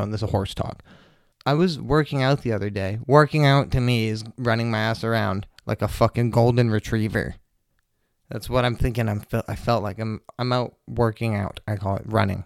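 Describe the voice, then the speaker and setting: A man's voice: lowish voice, fairly even intonation, normal speed, creaky, darkish tone, no echo, clean studio sound. A young man hosting his own podcast, telling loose, profane, jokey stories in a casual rambling monologue. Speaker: podcast host.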